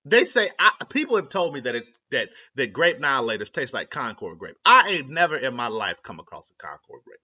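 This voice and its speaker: A man's voice: medium pitch, sing-song, a little fast, hardly any pauses, bright, forceful tone, slightly rough. A young man from Ohio rambling casually to camera, slangy and self-interrupting, laughing at his own jokes. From Ohio, USA. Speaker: vlogger. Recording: lo-fi dull audio.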